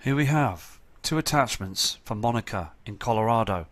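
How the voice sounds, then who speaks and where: A man's voice: fairly low pitch, lively intonation, normal speed, a bit bright. A man hosting his channel, giving earnest, urgent voice-over commentary on photos sent in by viewers. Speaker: channel host.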